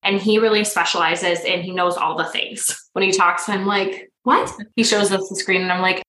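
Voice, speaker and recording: A woman in her thirties talks as a podcast guest, a coach who brings her stories to life by acting out what people said. Her voice is bright and forward. The room around her gives a noticeable echo. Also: mid-range voice, moderate pace, few pauses. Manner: animated storyteller, acts out quoted dialogue. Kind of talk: casual podcast interview.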